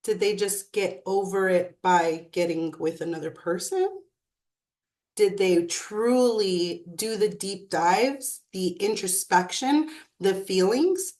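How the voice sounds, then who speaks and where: A woman in her thirties, a mother, giving an earnest, measured personal talk with thoughtful pauses. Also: mid-range voice, expressive, a little mellow. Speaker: mother and emotional wellness speaker.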